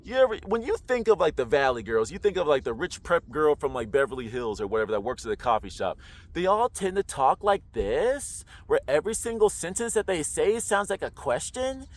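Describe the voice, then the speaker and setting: A man's voice: a little high, big pitch swings, brisk. A man talking casually to camera in a slangy, roundabout way, full of rhetorical questions. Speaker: online commentator.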